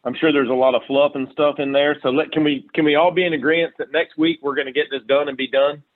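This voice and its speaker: A man leading a sales team meeting, telling animated stories and setting the schedule. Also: on the high side, quick pace. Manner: animated storytelling with quoted dialogue. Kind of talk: team call, casual meeting talk. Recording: tinny phone-line audio.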